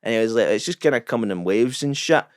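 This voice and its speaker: A Scottish man, a comedian, telling a rambling, sweary anecdote in a deadpan, self-mocking way on a podcast. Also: medium pitch, fast talker, no echo, clean studio sound. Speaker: comedian guest. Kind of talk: casual storytelling anecdote.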